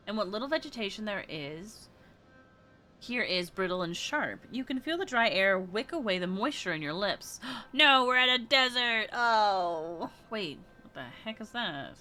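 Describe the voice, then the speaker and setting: A woman streamer with a bright, crisp voice reads a story game aloud and breaks off into chatty, excitable asides. Soft game music plays under her voice. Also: medium pitch. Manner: chatty, reacts with gasps and quick asides. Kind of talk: reading a story game aloud while playing.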